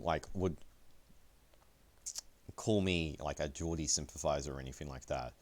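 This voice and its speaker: A young man streaming commentary on a match, rambling, profane and self-deprecating. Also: a bass voice. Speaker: esports player and streamer. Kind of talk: livestream commentary.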